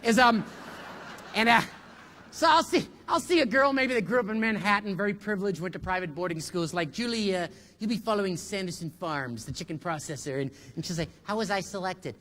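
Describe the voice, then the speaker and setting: Delivering a funny keynote in a large hall, a middle-aged professor spins animated stories and bursts into loud voices at the punchlines. He speaks in a high register at a fairly quick clip.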